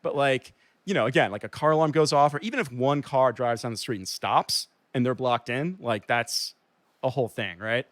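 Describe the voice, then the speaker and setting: This man, a transplant to New York, rambles through a personal story full of fillers, "likes," and restarts. He speaks at medium pitch and a moderate pace, with a fairly bright tone and no echo.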